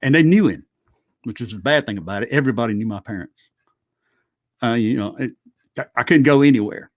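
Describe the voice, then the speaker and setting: Middle-aged man, folksy rambling storyteller, chuckles and curses, mid pitch, dry sound. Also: expressive, fairly quick, no room sound. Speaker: vlogger. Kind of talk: casual storytelling.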